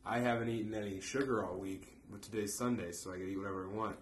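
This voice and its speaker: A man's voice: fairly low pitch, fairly even intonation, fast. A man co-hosting a casual podcast, joking crudely and laughing often. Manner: loose, crude and laughing, with sudden bursts of loud delivery. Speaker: podcast co-host. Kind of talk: casual joking chat among friends. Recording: echoey room with faint hiss.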